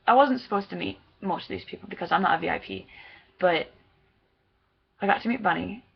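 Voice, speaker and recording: A young woman vlogging in a casual, excited, rambling way, gushing as she recounts meeting people. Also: lowish voice, a little fast, creaky, husky, dull audio. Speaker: fan vlogger. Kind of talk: casual chat recounting a concert meet-up.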